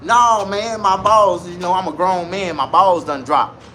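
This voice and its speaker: Loud crude man ranting to camera. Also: sits high, measured pace, a little hiss or hum. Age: 40s. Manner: loud, crude, animated street slang. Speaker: vlogger. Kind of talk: casual comedic rant to camera.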